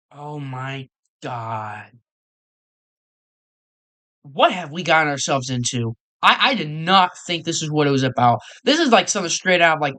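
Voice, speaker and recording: A streamer reacting live to a video, talking casually in an excitable, rambling way with frequent laughs. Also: mid-range voice.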